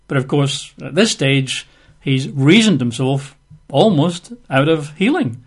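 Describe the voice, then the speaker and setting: A man's voice: mid-range voice, slow pace, breathy edge. A man preaching a sermon, reading and retelling a Bible story with chuckles and chatty asides.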